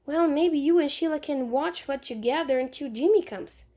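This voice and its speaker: A woman's voice: sits high, normal speed, warm tone, natural voice. A woman reading aloud and voicing a mother who speaks in a mild, matter-of-fact way. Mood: calm. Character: calm practical mother of two boys.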